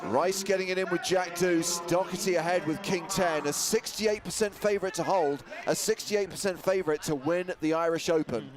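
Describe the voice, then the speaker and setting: Poker play-by-play dude, high voice, crowd going behind him. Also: male voice, normal speed, few pauses. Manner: rising to loud calls at big moments. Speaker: play-by-play commentator. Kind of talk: excited sports commentary.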